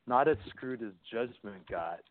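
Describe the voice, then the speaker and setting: A man's voice: mid-range voice, measured pace. A man calling in to a casual chat, talking hesitantly with many restarts. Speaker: caller. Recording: tinny phone line with faint noise.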